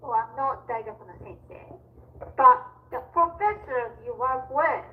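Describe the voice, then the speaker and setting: Woman tutor, patient step-by-step explanations, high voice, slightly dull lo-fi sound, video call. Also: unhurried. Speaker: independent Japanese tutor. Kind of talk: one-on-one language lesson.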